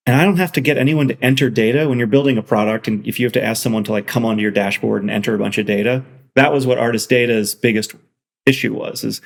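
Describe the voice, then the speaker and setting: A man being interviewed as a software founder, talking casually with lots of restarts and excited asides. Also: medium pitch, fast talker, vocal fry.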